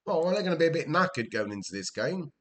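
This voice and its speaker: A man's voice: on the high side, big pitch swings, quick pace. Welsh man, gameplay commentator, exasperated, swears, talks to himself. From Wales.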